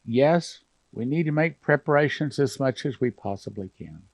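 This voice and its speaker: A man's voice: medium pitch, animated, a little fast, no echo. A man pastor preaching fervently, at times emotional, on a broadcast program.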